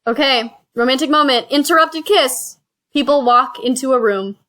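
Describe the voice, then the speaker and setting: A woman's voice: sits high, moderate pace, fairly bright tone. A woman hosting a casual board game play-through, reading cards and counting spaces aloud with chatty asides. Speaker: host.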